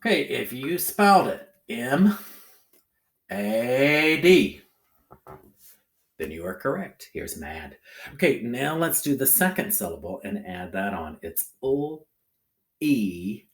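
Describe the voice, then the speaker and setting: A man teaching a recorded phonics lesson to children, talking in a slow, sing-song way and checking in often with the listener. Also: mid-range voice, sing-song. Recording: echoey room.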